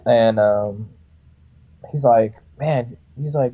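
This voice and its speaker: Male, thirties, singer from California, warm mellow tone, talks in lively anecdotes and acts out the other voices. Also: mid-range voice, moderate pace. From Sacramento, California. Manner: animated, acts out other people's lines. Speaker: metalcore band vocalist and barber. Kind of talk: casual storytelling in a podcast interview.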